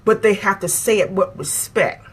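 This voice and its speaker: Speaking at a normal speed in a slightly rough, mid-range voice, this female vlog host lectures her audience directly to camera. Her advice is preachy and emphatic, and she repeats phrases to drive the message in.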